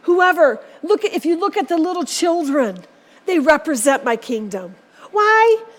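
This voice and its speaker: A woman's voice: very high-pitched, sing-song, measured pace. A woman preacher giving a sermon in a church, speaking earnestly and urging her listeners on. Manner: earnest, exhorting.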